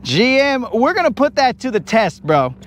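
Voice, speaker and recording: Upbeat fishing streamer, a man with a high, bouncy voice, animated storyteller. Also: moderate pace. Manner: animated storyteller, calls everyone bro; breaks into high whooping yells. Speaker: fishing livestreamer. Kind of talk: casual live-stream chat.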